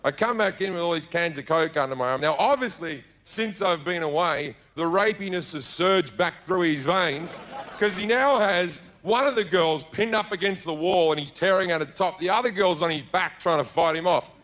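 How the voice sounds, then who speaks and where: Aussie stand-up guy in his 30s, kinda high voice, yells and mumbles the other characters, bit muffled recording. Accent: Australian. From Australia. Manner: acts out characters in quick bursts, shouts and mutters. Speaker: stand-up comedian. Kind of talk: stand-up storytelling. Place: theater stage before an audience.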